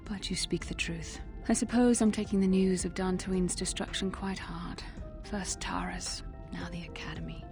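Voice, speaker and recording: A grave, earnest young Jedi woman in a video game, her tone set fairly low and measured. Her lines sometimes sink to a soft near-whisper, with the game's music playing clearly behind her. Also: fairly even intonation.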